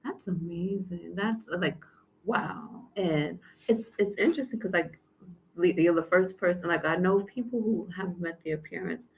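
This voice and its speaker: A woman's voice: fairly low pitch, normal speed, gravelly, slight background noise, low-quality recording. A woman hosting a casual interview, an encouraging listener who answers often with short affirmations. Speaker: podcast host.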